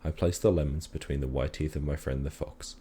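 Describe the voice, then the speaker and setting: Deep dark-voiced guy reading a kids story, slow and steady, faint hiss behind. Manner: calm, measured storytelling. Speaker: reader. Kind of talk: reading a children's story aloud.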